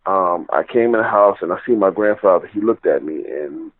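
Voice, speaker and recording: A man's voice: low voice, moderate pace, dry recording. A man telling a personal story in a rambling, casual way, full of "you know" and "like". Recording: tinny phone line.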